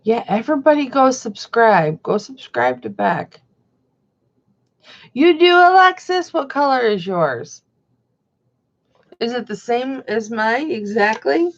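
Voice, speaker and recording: A woman's voice: fairly high pitch, expressive, unhurried. A middle-aged woman, hosting a casual livestream chat and reading viewer comments aloud. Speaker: livestream host. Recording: dull lo-fi sound.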